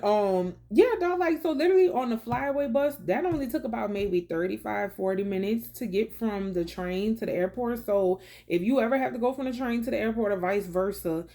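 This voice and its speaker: A woman's voice: medium pitch, fairly quick. A woman, telling a travel story in a chatty, slangy vlog style. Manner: chatty and slangy, with animated retold dialogue. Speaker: vlogger.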